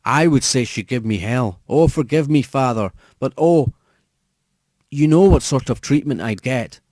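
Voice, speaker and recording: A man's voice: mid-range voice, normal speed, darkish tone, no room sound, pitched above the performer's own voice, lightly acted. A man putting on a coy, scheming young woman. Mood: coaxing. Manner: coaxing, calculating, teasing.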